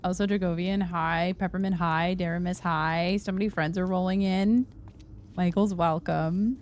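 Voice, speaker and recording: A woman's voice: lowish voice, fairly even intonation, normal speed, a little mellow, slight background noise. A woman co-hosting a live game stream in casual chat, greeting viewers and joking along. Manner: chatty, greets chat and joins in on jokes. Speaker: streamer co-host.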